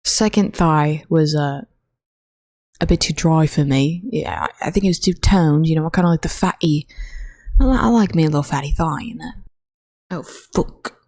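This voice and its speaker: A young college woman rambles through a solo podcast, full of fillers and the odd swear. Her voice sits low, with a mellow, warm tone, and sounds close and dry on her own mic in a dorm room. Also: moderate pace, dry recording. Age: young adult. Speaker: podcast host. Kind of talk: casual solo chat.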